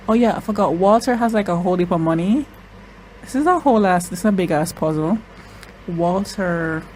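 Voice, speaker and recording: A reaction video host giving casual commentary, excitable, reacting to the screen and repeating words for emphasis. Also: medium pitch, slight background noise, low-quality recording.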